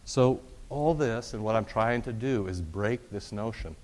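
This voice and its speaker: A man's voice: on the low side, a little slow, a little mellow. A middle-aged man giving a conversational, wry lecture-style sermon. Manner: conversational and wry, with sarcastic asides. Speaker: preacher. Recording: long reverb of a large hall.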